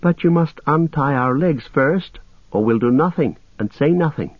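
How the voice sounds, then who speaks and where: A man's voice: a little high, animated, normal speed, no room sound, pitched above the performer's own voice. A man voicing a young male hobbit, speaking eagerly and urgently in a raised voice. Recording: tinny phone-like sound.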